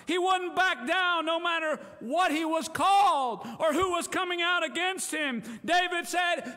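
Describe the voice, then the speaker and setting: A man pastor preaching an impassioned sermon in a church, rising to shouts at times. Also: very high-pitched, big-room sound.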